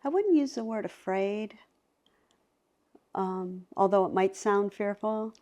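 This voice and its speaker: Middle-aged woman telling stories, gets lively and acts out the voices, medium-pitched. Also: slow pace, highs cut off. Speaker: psychic medium guest. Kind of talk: storytelling in a conversation.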